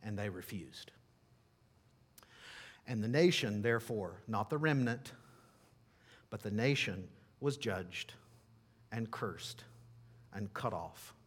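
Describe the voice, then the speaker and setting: Slow-preaching man. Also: lowish voice, animated, slightly rough. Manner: emphatic preaching with wide swings from loud to hushed. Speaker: pastor. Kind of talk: sermon with closing prayer.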